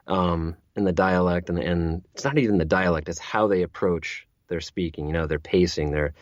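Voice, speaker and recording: A man's voice: deep voice, normal speed, dry recording, lo-fi sound. A man who narrates audiobooks, chatting as an interview guest, rambling with many restarts and repeated words. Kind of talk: casual interview chat.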